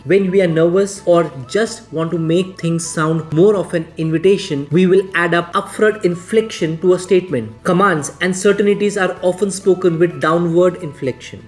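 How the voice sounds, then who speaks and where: A narrator reading a scripted self-help video essay in a measured, explanatory way. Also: mid-range voice, faint music behind.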